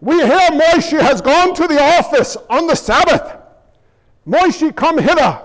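A man's voice: very high-pitched, lively intonation, unhurried, voice pushed up. A preacher voicing stern male temple elders who question and condemn a man, stiff and pompous. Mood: accusing. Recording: long reverb in a large hall.

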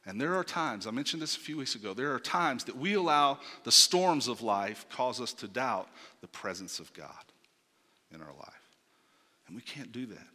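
A man preaching a sermon as pastor, emphatic, swinging from soft, low phrases to loud exclamations. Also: lively intonation, moderate pace. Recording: long hall reverb.

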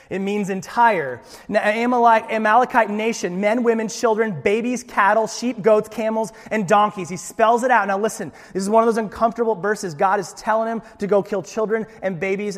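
A man preaching a sermon as pastor, acting out the dialogue with big, loud swings in voice. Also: high-pitched, long reverb tail.

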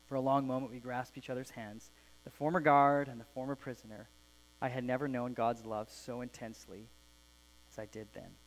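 A man preaching a sermon as pastor of a church, reading a story aloud and explaining it in an earnest way that softens at the ends of phrases. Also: mid-range voice, steady tone, normal speed, a little hiss or hum, poor audio.

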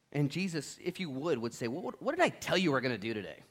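A middle-aged man preaches a sermon in a conversational way, breaking into acted-out exchanges. His pitch swings widely as he talks, rising high and dropping low. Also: sing-song, fast talker, hardly any pauses. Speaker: pastor.

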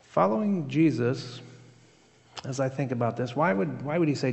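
A man's voice: mid-range voice, expressive, moderate pace, vocal fry, big-room sound. A man preaching a sermon in an earnest, conversational way, often repeating words as he thinks aloud. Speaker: pastor.

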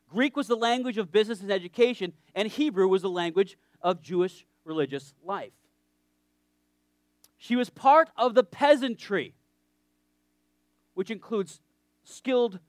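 A man's voice: high voice, no room sound, studio quality. A man preaching a sermon in a conversational, joking way, often checking in with his listeners.

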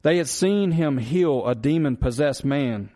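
A man's voice: on the high side, animated, unhurried, dark tone. A man preaching a sermon, earnest and repetitive, asking the congregation rhetorical questions. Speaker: pastor.

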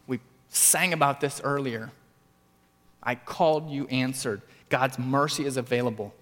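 A man preaching a sermon with earnest emphasis, his voice climbing for stressed points and dropping low for quiet ones. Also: unhurried, long reverb tail. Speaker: pastor.

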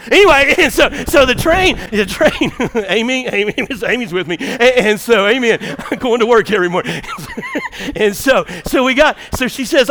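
A man's voice: high voice, lively intonation, normal speed, a bit bright, in a large hall. A man with a Mississippi Southern accent preaching a sermon as pastor, fervent and folksy, with colloquial speech.

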